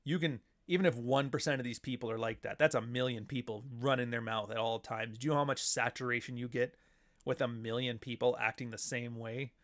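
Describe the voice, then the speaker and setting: A man hosts a casual podcast and rants about whatever is on his mind. He is sarcastic and profane, and he talks at an everyday middle pitch. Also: steady tone, fairly quick, fairly bright tone. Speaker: podcast host. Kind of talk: casual livestream rant.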